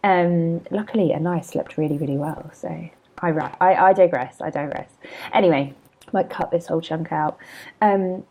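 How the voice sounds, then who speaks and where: A woman's voice: low voice, normal speed, warm tone, poor audio. A woman in her thirties hosting a casual solo podcast, chatty and self-deprecating, wandering off on digressions while a bit hungover and yawning. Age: 30s. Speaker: podcast host and blogger.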